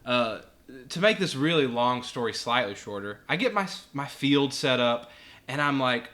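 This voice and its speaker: A man spins a casual anecdote as a podcast guest. His voice is very bright and his pitch roams widely. He acts out the voices of others and often breaks into laughter. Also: expressive, normal speed. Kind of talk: casual storytelling.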